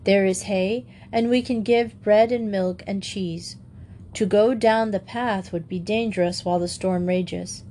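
A woman voicing a plain-spoken mountain herdsman who talks calmly and matter-of-factly. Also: mid-range voice, a little slow, a little hiss or hum, lightly acted.

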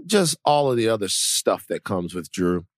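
A man co-hosting a podcast, talking casually in a rambling, animated, self-mocking way. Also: fairly low pitch, normal speed, no room sound, clean studio sound. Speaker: podcast co-host. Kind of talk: casual chat.

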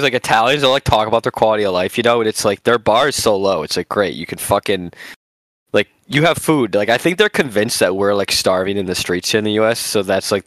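Guy on a podcast ranting and swearing a lot, dry sound, nothing echoey. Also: on the low side. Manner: profane, animated ranting. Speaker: podcast co-host. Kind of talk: casual banter.

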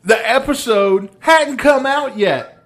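A man's voice: very high voice, takes it slowly, a bit bright. A man co-hosting a podcast, telling stories in casual chat, swearing and laughing often while chewing gum. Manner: profane, laughing storyteller. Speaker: podcast co-host.

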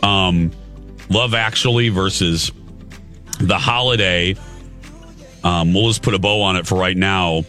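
A man's voice: low voice, fairly even intonation, a little slow, long pauses, bright, forceful tone, faint music behind. A man co-hosting a morning radio show, sounding like he has something in his mouth while getting over bronchitis, chatting in a rambling way. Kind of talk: casual radio banter. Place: radio studio.

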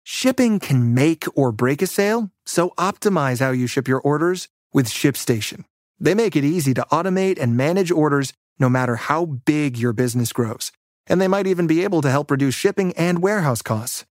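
A man reading a scripted sponsor ad at a slightly higher pitch than most men. His delivery is smooth and steady, and the recording is dry and close. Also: moderate pace, no room sound. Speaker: ad reader. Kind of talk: scripted ad read.

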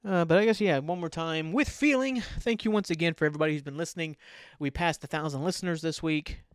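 A man's voice: a little high, steady tone, fast talker, smooth, no room sound, studio quality. A man hosting a casual solo podcast, rambling loosely, swearing offhand and often trailing off. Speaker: podcast host.

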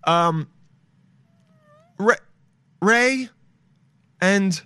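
A man's voice: high voice, animated, drawn-out words, bright, forceful tone, clear, resonant tone, no echo. A young man riffing comedically in a crude, rambling way, swearing and drifting into goofy tangents. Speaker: comedic commentator.

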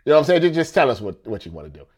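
A man's voice: mid-range voice, very animated, racing. A man talking in a casual rant, repeating himself and firing off rhetorical questions.

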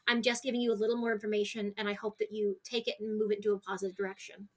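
A woman guest on a podcast, talking in an animated, storytelling way in casual chat. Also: medium pitch, very fast.

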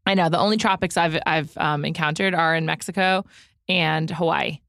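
A woman's voice: sits low, fairly even intonation, normal speed, creaky, fairly bright tone, no echo, clean studio sound. A woman from the United States chatting cheerfully as co-host. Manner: bubbly, cheerful. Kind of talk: casual chat.

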